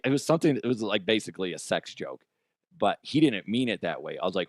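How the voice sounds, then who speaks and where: This solo podcaster rambles through stories with jokes, self-directed laughter and free swearing. He has a lowish, animated voice at a moderate pace, and the studio recording is clean with no echo.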